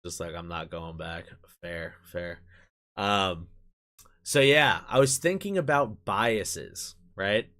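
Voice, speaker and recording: A man's voice: low voice, slow pace, sharp tone. A man hosting a casual live stream, rambling along, using lots of fillers and swearing casually.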